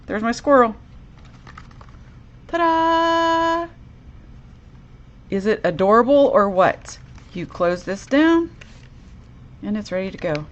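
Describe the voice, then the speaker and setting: A woman walks viewers through a craft project at her desk, chatty and upbeat. Her pitch sits in a middle range for a woman, and she speaks to the audience directly, step by step. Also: animated, moderate pace, muffled recording. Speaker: crafting demonstrator. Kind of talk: live crafting demo.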